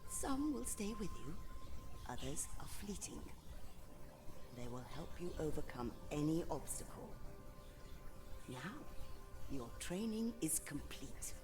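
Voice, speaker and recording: Retired elderly mentor in a game: low, lively, gentle, music under. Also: female voice, takes it slowly, pauses often, heavily acted. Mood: instructive. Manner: gentle and affectionate, calls the girl dear. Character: kindly retired elderly female guardian, mentor. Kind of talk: video game voice acting.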